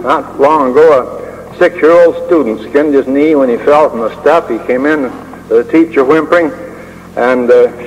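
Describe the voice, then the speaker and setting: An older man delivers a prepared talk in a measured, dryly humorous way, often pausing with a soft uh. His voice sits at an ordinary middle pitch. It carries a long hall echo over a faint hiss. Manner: measured, with dry humor and frequent uh pauses. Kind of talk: prepared speech.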